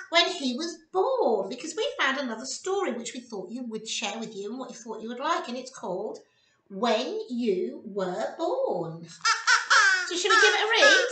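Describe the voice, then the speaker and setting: A woman in a childcare setting reading a picture book to small children in a gentle, sing-song way. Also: sits high, roomy sound, far from the mic, slight background noise. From England. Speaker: childcare storyteller.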